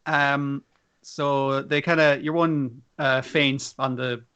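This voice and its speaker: A man giving a casual, rambling recap of a show episode, with plenty of swearing and quick asides. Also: mid-range voice, level tone, pushed and bright, clear, resonant tone, muffled recording.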